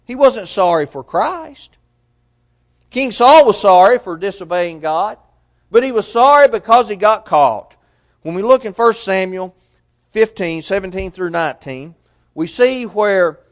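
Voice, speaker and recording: A man with a high, light voice preaches a sermon. He keeps asking rhetorical questions, pushing hard on key words, then dropping almost to a hush. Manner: rhetorical questions, swells loud then drops soft.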